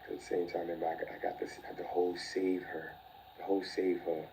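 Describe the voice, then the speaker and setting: A man telling his own story candidly in a low-key, reflective way, sometimes dropping to a near-whisper. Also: little pitch movement, fast, mellow, far from the mic, a little hiss or hum, rough recording. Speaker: interview guest.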